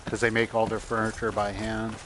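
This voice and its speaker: A man's voice: fairly low pitch, monotone, a little fast, background noise. Joking man commenting on his gameplay. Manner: joking, offhand. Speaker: gamer.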